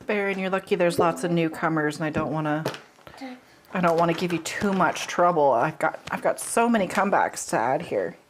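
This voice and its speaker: A woman's voice: lowish voice, a little fast, slight background noise. A woman co-hosting a casual livestream, reading viewer comments aloud with a playful, teasing manner. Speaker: co-host reading chat.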